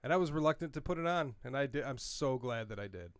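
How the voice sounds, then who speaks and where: Animated, laughing man in casual chat. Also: mid-range voice, quick pace, clear, resonant tone, no room sound, clean studio sound. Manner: excitable, laughs often, swears freely. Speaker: podcast co-host.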